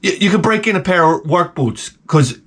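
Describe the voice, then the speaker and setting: Forties male YouTuber, comic rant, fairly high pitch, very lively swings. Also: normal speed. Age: 40s. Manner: ranting, animated, exaggerated outbursts. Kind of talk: comedic monologue.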